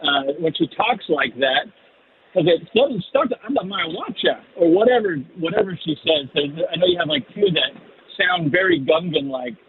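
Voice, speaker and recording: Gravelly husky male caller on a phone line. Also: a little high, sing-song, normal speed. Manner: rambling, many ums, laughs along. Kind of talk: phoning in to a talk show.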